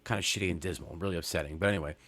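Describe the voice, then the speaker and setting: A man's voice: deep voice, very fast, a bit bright. A man, hosting a podcast and telling a story casually, rambling and cursing, with many fillers and restarts. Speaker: podcast host.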